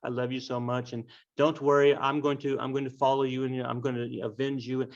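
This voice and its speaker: A man's voice: mid-range voice, level tone, brisk, natural voice. A man voicing a melodramatic lovesick teenage boy, close to his own voice. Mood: mock-tragic. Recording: dull lo-fi recording.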